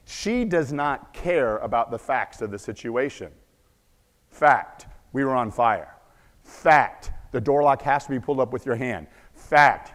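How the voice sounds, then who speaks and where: Brief: male keynote speaker, dramatic storyteller, medium pitch, long hall reverb. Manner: dramatic storyteller, shifting between loud and hushed. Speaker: conference speaker. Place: conference stage. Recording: echoey conference hall.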